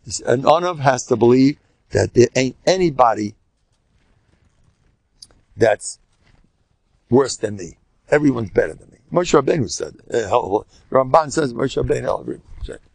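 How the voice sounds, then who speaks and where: Giving a storytelling-style Torah class, an older rabbi jumps between stories and animatedly plays the speakers he quotes. He talks at normal speed in a gravelly, husky, mid-range voice, pausing often, and the recording is dry.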